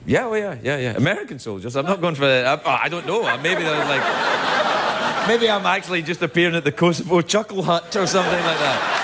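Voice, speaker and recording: A Scottish man hosting a late-night talk show, teasing his guest with quick jokes and asides. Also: on the high side, lively intonation, a loud crowd, heavy background noise. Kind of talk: comic banter with a guest. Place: TV studio with live audience.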